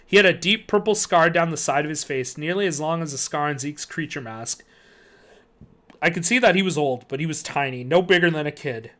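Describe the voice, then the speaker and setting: A man reads a children's horror novel aloud on a live stream. His voice is bright and a little high, and he tells the story expressively. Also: fairly quick. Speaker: streamer reading a book aloud.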